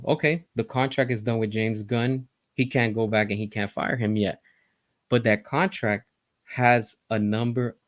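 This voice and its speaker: A man delivers casual, opinionated commentary at a mid-range pitch, pressing his points and addressing his viewers directly. The recording is dry and close, with no room sound around him. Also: no room sound. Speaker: entertainment news commentator.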